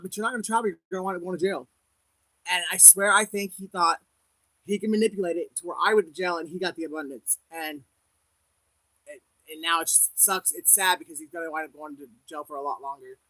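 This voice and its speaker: A man's voice: a little high, sharp tone, no echo, poor audio. A man hosting a casual livestream as a psychic reader, speaking candidly to viewers with frequent laughs and religious conviction.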